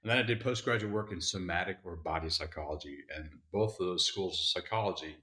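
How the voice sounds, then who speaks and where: A man in his fifties, a therapist guest, explaining his background calmly in an interview. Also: low-pitched, quick pace, roomy sound. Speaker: guest, therapist and resilience coach.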